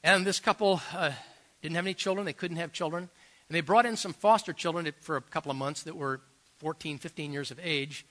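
A middle-aged man, a pastor, preaching a sermon and telling personal stories, swinging between loud emphasis and quiet asides. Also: fairly high pitch, a little fast.

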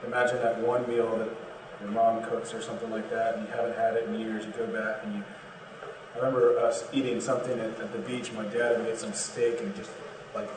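A man's voice: fairly low pitch, flat delivery, a little fast. Guy in a group chat, far off the mic, super echoey room with noise, lots of ums. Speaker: discussion participant. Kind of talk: casual discussion.

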